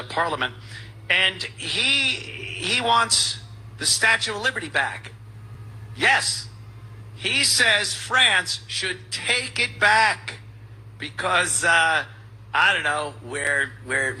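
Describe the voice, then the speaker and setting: Husky, sarcastic talk-show man. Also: on the high side, bright, forceful tone, rough recording. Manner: sarcastic, ranting, mocking. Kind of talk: talk radio monologue.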